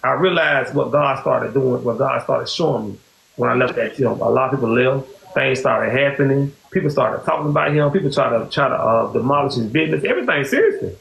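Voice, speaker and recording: Gravelly-voiced man telling a long story. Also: medium pitch, fairly even intonation, a little fast, fairly bright tone. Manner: rambling, repeats "you know what I'm saying". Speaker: podcast host. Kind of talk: casual storytelling. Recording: echoey room with faint hiss.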